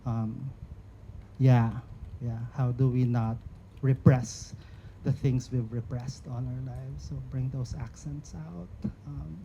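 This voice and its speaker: A Filipino-accented man whose first language is Cebuano speaks on a discussion panel in a reflective, chatty way, filling pauses with "um" and "like". His voice is mellow and mid-pitched. The recording is slightly muffled with a faint hiss behind him. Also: steady tone, gravelly. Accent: Filipino English. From Philippines. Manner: reflective, chatty, many fillers. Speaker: panelist poet.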